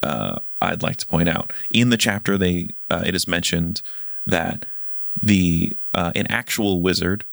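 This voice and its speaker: A man co-hosting a casual book discussion podcast, talking haltingly with frequent pauses and restarts. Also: low voice, creaky, fairly bright tone, dry recording, studio quality. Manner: halting, many fillers and restarts. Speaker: podcast co-host.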